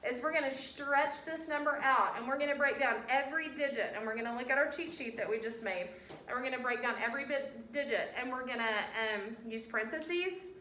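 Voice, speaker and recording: A woman's voice: high voice, fairly quick, bright, forceful tone, a little hiss or hum. Woman teacher coaxing a class. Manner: patient, coaxing, talks students through steps. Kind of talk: classroom instruction. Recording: roomy classroom audio from a distance.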